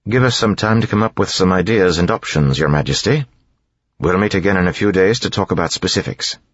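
A man voicing a measured, cautious male advisor. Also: low-pitched, lively intonation, dry recording, muffled recording, pitched above the performer's own voice.

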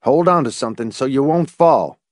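A man's voice: medium pitch, animated, darkish tone, no room sound, clean studio sound, voice pushed up, close to an everyday voice. A man doing a grim, commanding rescuer. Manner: brisk, commanding. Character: calm, grim, commanding middle-aged man.

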